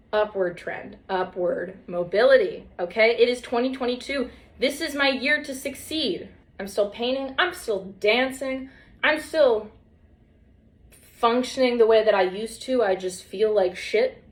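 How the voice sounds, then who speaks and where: A young woman telling stories in casual chat, sarcastic and swearing, mocking other people's lines in put-on voices. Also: fairly high pitch. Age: young adult.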